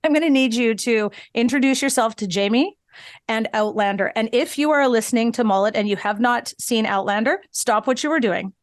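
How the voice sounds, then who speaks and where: A woman's voice: fairly high pitch, brisk, no room sound, clean studio sound. A woman co-hosting a podcast in casual chat, bubbly and teasing, swearing freely. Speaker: podcast co-host.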